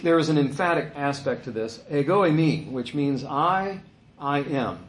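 A man teaching a Bible passage in a relaxed, conversational way, growing animated when he acts out quotes. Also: a little high, echoey room. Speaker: pastor.

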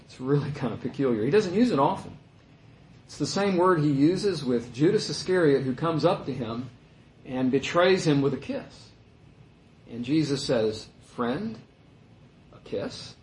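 A man giving conversational Bible teaching in an animated way, his voice jumping higher when he mimics the complainers. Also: moderate pace, a little hiss or hum. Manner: animated, voice rising high when quoting complainers. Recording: roomy echo.

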